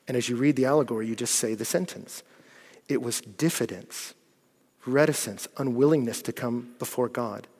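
A man preaching a sermon, animated and shifting from loud bursts to hushed, earnest passages. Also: mid-range voice. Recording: long hall reverb.

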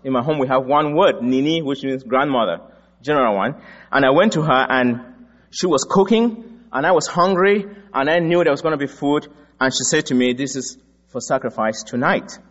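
A man's voice: on the high side, lively intonation, moderate pace, a bit bright. A man from Africa preaching a sermon, telling stories and stressing his points with emphasis. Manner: storytelling, emphatic. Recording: dull recording in a large echoing hall.

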